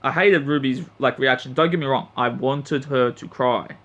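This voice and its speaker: A man's voice: mid-range voice, normal speed, a bit bright, muffled recording. A man reviewing an anime episode in a blunt, profane, heated rant. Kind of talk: ranting review vlog.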